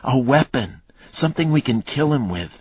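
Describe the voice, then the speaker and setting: A man's voice: medium pitch, expressive, moderate pace, husky, no room sound, lo-fi sound, voice pushed up. A man voicing a weak, frightened captive mother who whimpers and speaks frailly. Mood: weak, urgent.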